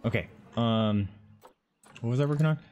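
A man's voice: medium pitch, moderate pace, darkish tone, a little hiss or hum. A man commenting on his own playthrough of a zoo game, who gushes over the animals in baby talk and mutters to himself through the menus. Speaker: gaming channel host.

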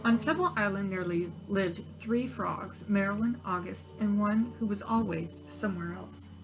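A woman reads a storybook aloud for preschoolers in a gentle, expressive voice. Her pitch sits in a middle range, and a faint hum of ambience lies behind her. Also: normal speed. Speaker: preschool teacher reading aloud. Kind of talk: children's story read-aloud.

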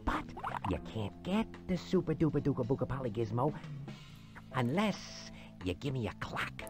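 A man voicing a laid-back male cartoon sea creature in a game, with lively rambling patter. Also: mid-range voice, moderate pace, lightly acted. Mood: bargaining. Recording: game audio over loud music.

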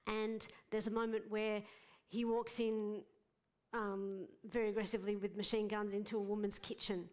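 A woman's voice: medium pitch, level tone, normal speed, a little mellow. A woman, a filmmaker chatting eagerly and rambling a little on a live panel. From Australia. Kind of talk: panel discussion. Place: live gallery panel event.

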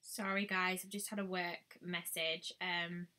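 A woman's voice: lowish voice, little pitch movement, a little slow, sharp tone. A woman chatting bubbly on a live stream, greeting viewers by name, recorded on a webcam at home. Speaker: beauty vlogger. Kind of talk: live-stream casual chat.

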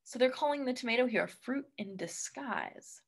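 A woman teacher leads a read-aloud lesson for young students. Her pitch moves in lively, animated swings. She keeps stopping to ask them gentle, coaxing questions. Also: moderate pace.

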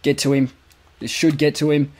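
A young Australian man calling his own football video game, jumping from quiet muttering to loud cheering when goals go in. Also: fairly high pitch, level tone, moderate pace. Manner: swings from muttered asides to shouted goal calls. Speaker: gaming commentator. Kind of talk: excited play-by-play over a football video game.

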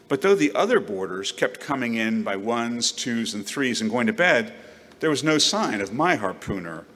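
Expressive man reading a novel aloud. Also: mid-range voice, normal speed, big-room sound. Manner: expressive, acts out the narrator's outbursts. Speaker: reader.

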